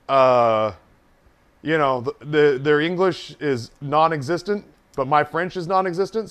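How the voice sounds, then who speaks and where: A man's voice: mid-range voice, fairly bright tone. A man streaming live, telling a long story from his waiting days in a casual, profane, self-deprecating way.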